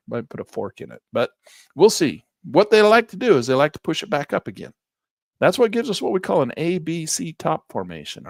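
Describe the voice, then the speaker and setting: A middle-aged man running a live trading class. His voice leaps around with lots of animation and has a gravelly edge. He teases and jokes as he narrates the market, and the sound is close and dry. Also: mid-range voice, no room sound. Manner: animated, teasing, playful narration of market moves. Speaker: trading instructor.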